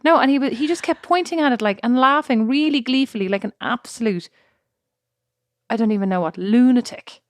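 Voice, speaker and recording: A woman's voice: fairly high pitch, a little fast, dry recording, clean studio sound. An Irish woman co-hosting a podcast, chatting casually and telling stories, acting out other people's voices. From Ireland. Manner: chatty storyteller, acts out quoted voices. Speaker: podcast co-host. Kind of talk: casual chat.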